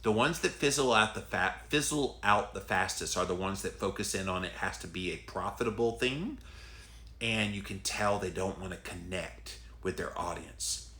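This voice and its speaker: A middle-aged host with a Southern US drawl reads out viewer comments during a casual live stream, earnest and chatty, stretching his words. His voice sits low but bright, with a forceful tone, in an echoey room.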